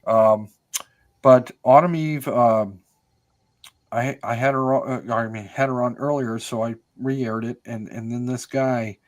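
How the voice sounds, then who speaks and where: An older American man chats as a guest on a podcast in an easy, meandering way. His voice sits at a middle pitch, and he often stops and restarts mid-thought, filling the pauses with ums and uhs. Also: steady tone. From United States. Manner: rambling, many fillers and restarts. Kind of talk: casual conversational storytelling.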